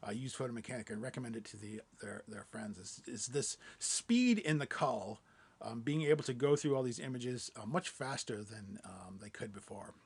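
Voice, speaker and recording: Man, webinar presenter, gravelly, husky, relaxed, thinking aloud, keyboard typing behind. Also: medium pitch, moderate pace. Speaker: software demo presenter. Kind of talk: screen-share webinar demo.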